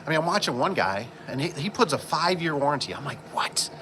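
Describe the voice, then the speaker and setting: On a job site, a garage door installer chats and rambles casually, full of fillers, while working with his tools in a sort of relaxed work vlog. His voice sits a little high and swings widely in pitch, with a quick pace and a sharp tone. Vehicles and other work-site noise can be heard in the background.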